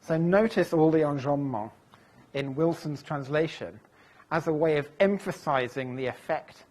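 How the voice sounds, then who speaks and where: A man's voice: fairly high pitch, moderate pace, darkish tone. Man lecturing while thinking aloud. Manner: thinking aloud, with fillers and self-corrections. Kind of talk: recorded lecture walking through translations.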